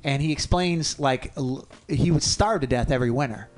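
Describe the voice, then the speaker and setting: A man co-hosting a radio show in a studio, telling a long story in a rambling, animated way and swearing freely. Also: medium pitch, moderate pace. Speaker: co-host. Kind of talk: casual storytelling on talk radio.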